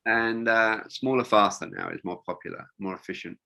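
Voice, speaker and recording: Chatty older man, bright voice. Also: lowish voice, steady tone, normal speed, creaky. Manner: rambling, chatty, with many fillers and restarts. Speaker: wingsuit designer guest. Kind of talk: casual interview storytelling.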